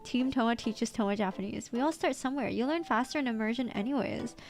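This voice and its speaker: A woman with an American accent chatting casually on a livestream, excitable and playful, breaking into squeaky outbursts as she reads chat aloud. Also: fairly quick, vocal fry. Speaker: VTuber streamer.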